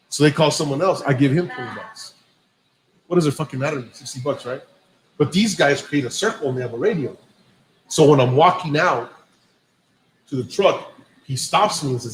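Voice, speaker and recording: A man's voice: medium pitch, normal speed, long pauses, a little hiss or hum, low-quality recording. A man hosting a podcast, telling a long profane story in a casual way and acting out the dialogue. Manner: profane, animated anecdote-telling with quoted dialogue. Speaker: podcast host.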